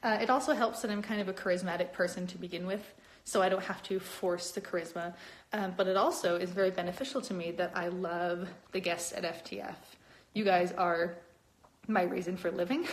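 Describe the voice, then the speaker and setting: Chatty animated woman streaming live. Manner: chatty and animated, with many upward pitch jumps. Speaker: cosplayer hosting a live stream. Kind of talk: casual live-stream chat reading viewer comments.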